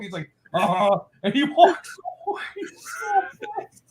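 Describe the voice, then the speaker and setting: Host, male, high animated voice, laughing storyteller in casual chat. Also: moderate pace, a little hiss or hum. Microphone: own mic at home.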